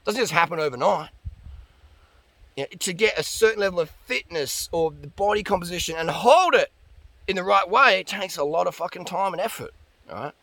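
A man's voice: sits high, expressive, brisk, a bit bright, no room sound. A man ranting bluntly and profanely about dieting as a vlogger. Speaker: diet and fitness vlogger. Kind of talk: ranting monologue.

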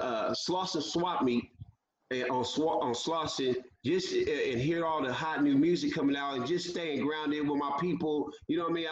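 Guy telling a story real animated, kinda high voice, echoey muffled audio. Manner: animated storyteller, acts out quotes. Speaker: guest. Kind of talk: casual storytelling interview.

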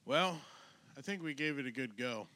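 A man's voice: mid-range voice, expressive, normal speed, pushed and bright, no echo. A man hosting a casual podcast chat, loose and laughing with crude humor. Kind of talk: casual chat and joke telling.

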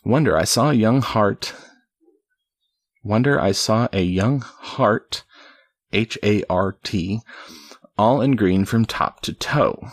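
A man reading the lines of a bold, loyal outlaw in slow old-fashioned speech, with a husky voice. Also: lowish voice, no echo. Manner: slow archaic storybook delivery.

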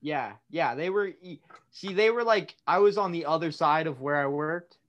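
A man's voice: a little high, normal speed, a bit bright, highs cut off. A young man on a podcast, telling a long rambling story with lots of fillers and laughing as he goes. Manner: rambling, filler-heavy, laughs through his stories. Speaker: podcast co-host. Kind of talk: casual storytelling chat.

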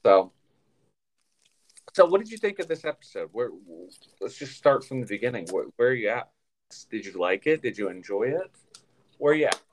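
A man's voice: medium pitch, sing-song, moderate pace, pauses often, rough recording. A man co-hosting a casual podcast, talking in a rambling, chatty way with many fillers and restarts. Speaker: podcast co-host.

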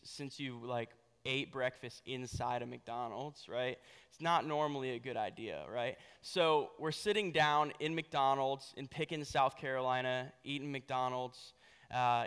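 A man's voice: mid-range voice, fairly bright tone, smooth. A young adult man giving a casual sermon as a pastor, telling a story and often checking in with "right?". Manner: conversational, asks "right?" often. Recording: long hall reverb.

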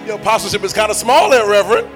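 A man preaching a sermon, repeating phrases and building to shouted points. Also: high voice, very fast, soft background music. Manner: animated, repetitive, building to shouts.

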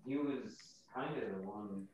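A man voicing a steady male soldier with a put-on British accent, talking softly and trailing off. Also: fairly low pitch, measured pace, a little hiss or hum, close to an everyday voice. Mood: earnest. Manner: soft-spoken, trailing off. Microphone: video call. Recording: distant, roomy, muffled call mic.

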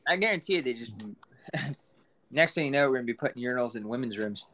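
A man's voice: medium pitch, animated, fast, pushed and bright. A man co-hosting a podcast, rambling through crude casual banter. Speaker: podcast co-host.

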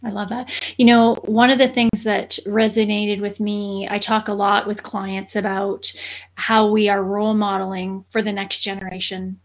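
A woman's voice: medium pitch, flat delivery, normal speed. A woman hosting a podcast interview, affirming her guest and asking open questions. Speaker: podcast host.

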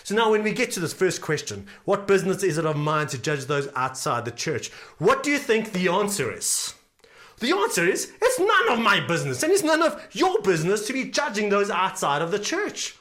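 A man's voice: high voice, huge pitch swings, moderate pace, fairly bright tone. A male pastor preaching a sermon earnestly, repeating key phrases for emphasis.

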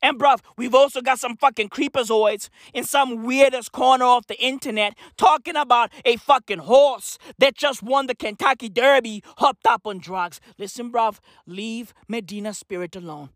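A comedian delivering a manic, profane rant that swings between shouting and muttering. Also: mid-range voice, normal speed, hardly any pauses, no echo, clean studio sound.

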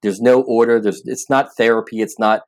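A man's voice: mid-range voice, fairly even intonation, brisk. A man being interviewed as an app founder, talking earnestly and with emphasis, often repeating words as he starts a thought. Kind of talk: interview conversation.

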